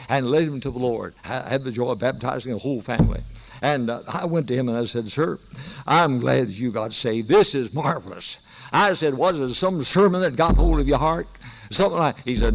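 A man's voice: medium pitch, fairly quick, vocal fry. An older man, preaching a sermon and telling stories with emphatic exhortation. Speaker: pastor.

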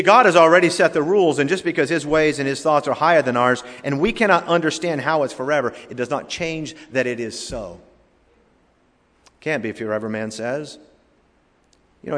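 A man's voice: mid-range voice, fairly bright tone. A male pastor preaching an emphatic sermon, speaking directly to his congregation. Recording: reverberant hall.

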